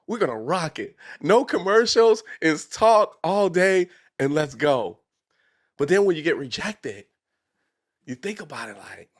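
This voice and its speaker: Brief: excitable male talk show host, fairly high and lively, acts out every quote. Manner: excitable, acts out quotes with big swings from whispers to shouts; speaks some Spanish and English. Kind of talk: animated storytelling in casual chat.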